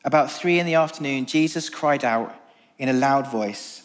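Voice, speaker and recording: Earnest male preacher in a reverberant hall. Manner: earnest, measured, slows and drops low for emphasis. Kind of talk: sermon with scripture reading. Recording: long reverb of a large hall.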